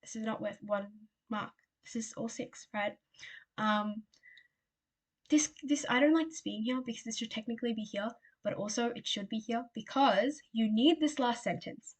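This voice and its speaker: A woman's voice: a little high, moderate pace, breathy edge. A young woman with an Australian accent giving a casual exam revision lecture, chatty and rambling with lots of fillers and asides.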